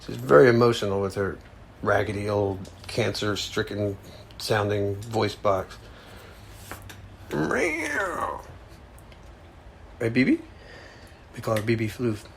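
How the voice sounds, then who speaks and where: In a steady, lowish voice at a normal speed, a man runs his own podcast with a rambling, joking monologue full of asides and self-deprecating humor. Slight background noise is present.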